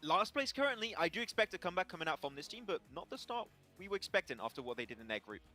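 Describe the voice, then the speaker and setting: Brief: male esports analyst, rapid-fire, bright tone, gamer slang. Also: high-pitched, big pitch swings, faint music behind. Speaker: esports analyst on a watch party desk.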